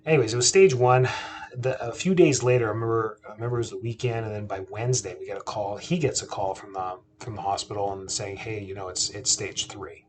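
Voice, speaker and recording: Earnest, low-voiced man telling a story. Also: fairly even intonation, quick pace, crowd noise. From Canada. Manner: earnest, conversational, quotes himself and his father. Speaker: chiropractor, podcast host. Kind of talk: casual storytelling.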